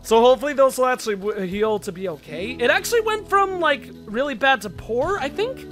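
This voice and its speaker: Guy narrating a colony game, super high voice, jumps all over the place, faint music behind. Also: fairly quick. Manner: excitable, shouts orders at the game characters, self-deprecating. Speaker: game let's-play host. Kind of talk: casual gameplay commentary.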